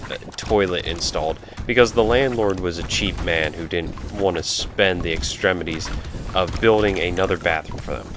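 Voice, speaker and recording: A let's play commentator tells a rambling story while playing a video game, breaking off to react to the game. His voice is low, and the background is noisy.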